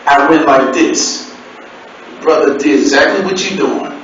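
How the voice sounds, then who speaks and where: A man in his fifties telling comic stories live on stage, animated and swooping between deep and shouted lines. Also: a little slow, heavy background noise. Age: 50s. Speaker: storyteller. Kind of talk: live storytelling performance. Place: storytelling event hall. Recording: echoey hall from far off, dull.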